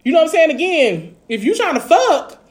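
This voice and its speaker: A woman's voice: high voice, big pitch swings, brisk. Blunt, profane woman venting. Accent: Dallas, Texas. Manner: blunt, profane, heated, lots of filler phrases. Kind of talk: casual chat, venting.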